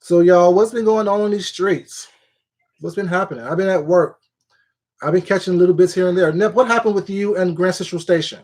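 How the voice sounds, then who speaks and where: A man's voice: high voice, a little fast, a little mellow. A man hosting a casual livestream, greeting viewers one by one by name in a familiar, chatty way. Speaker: livestream host.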